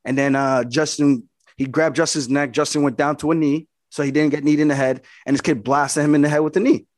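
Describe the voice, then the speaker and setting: A man's voice: a little high, steady tone, fairly quick, dry recording, clean studio sound. A man, a fighter being interviewed, telling his fight story in casual talk. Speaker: fighter guest.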